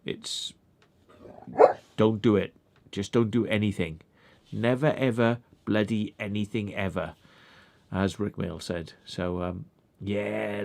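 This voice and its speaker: A man's voice: fairly low pitch, slow pace, creaky, darkish tone. Rambling man hosting a stream. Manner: rambling, chatty storytelling with dry asides. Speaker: live-stream host. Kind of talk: casual live-stream chat.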